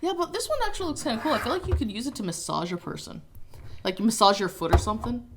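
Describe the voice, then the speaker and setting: A young adult woman co-hosting a toy review show, joking and chatting in a lively, casual way. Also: fairly high pitch, racing, noisy background. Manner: playful, joking and animated.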